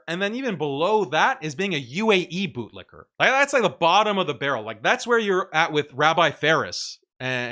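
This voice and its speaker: A young adult man hosting a casual livestream, reading viewer comments and answering them in a mocking, animated way, full of "like". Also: a little high. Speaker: livestream host reading super chats.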